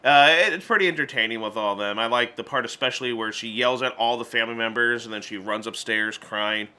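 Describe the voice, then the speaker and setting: A man casually reviewing an animated movie, chatty and stumbling over restarts, acting out character lines in little voices. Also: fairly low pitch, quick pace, clean tone.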